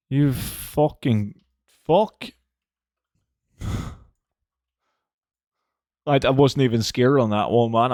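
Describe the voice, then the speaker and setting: A relaxed male streamer talks in a loose, joking way and swears freely as he answers his viewers. His voice sits at an ordinary middle pitch. The sound is close and dry, with no room around it. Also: no room sound. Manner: swears a lot, joking and laid-back, reacts to chat. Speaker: live streamer. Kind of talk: casual live-stream chat. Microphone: desk microphone.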